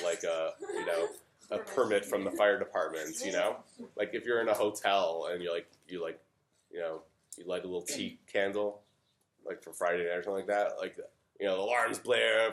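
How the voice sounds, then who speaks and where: A middle-aged man from Canada, a rabbi giving an informal Torah talk, chatting with many fillers and joking asides. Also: lowish voice. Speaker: rabbi teaching a class. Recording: roomy echo.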